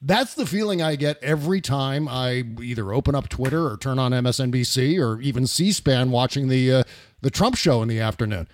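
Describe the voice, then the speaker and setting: A man's voice: mid-range voice, a little fast. A middle-aged man hosting a casual political chat, reflective and laughing often.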